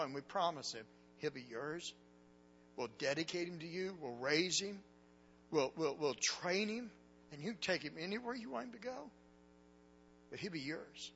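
A man preaching a sermon, telling a story with dramatic swings from hushed tones to loud cries. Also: sits high, slightly rough, in a large hall. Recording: dull lo-fi recording with faint hum.

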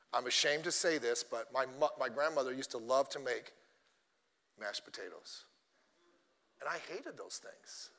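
A male pastor preaching a sermon, telling stories in an animated way and addressing the congregation directly. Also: medium pitch, big-room sound.

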